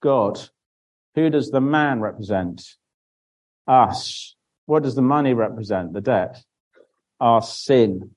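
A man's voice: mid-range voice, slow pace, pauses often, a little mellow, poor audio. A man giving a children's Bible talk in church, explaining simply and asking questions that he then answers himself. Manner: draws on a board while speaking, with frequent restarts.

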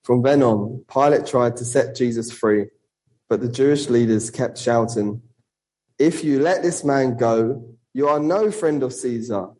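An earnest man preaches a sermon and reads scripture aloud, with a mid-range voice. He poses rhetorical questions and slows down on key words. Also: mid-range voice, a little mellow, low-quality recording. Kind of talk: sermon with Bible reading.

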